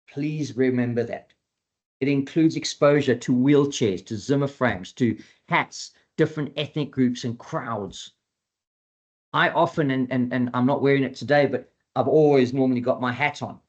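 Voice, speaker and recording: Presenting a webinar, a male dog trainer talks in an easy, conversational, animated way, acting out his clients and their dogs. His voice is at an ordinary middle pitch and unhurried, and the audio is dull.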